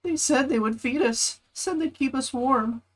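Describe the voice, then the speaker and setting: Brief: a man playing a frightened child, pitched high and pleading. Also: a little slow, a bit bright, exaggerated voice. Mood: plaintive. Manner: high, plaintive. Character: frightened young girl escaped from forced labor.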